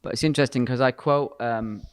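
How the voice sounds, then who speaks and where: A man's voice: medium pitch, fairly even intonation, fairly quick, clean tone, dry recording. A man hosting a podcast discussion, talking bluntly and directly with a joking edge. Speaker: podcast host and pastor. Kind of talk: casual discussion.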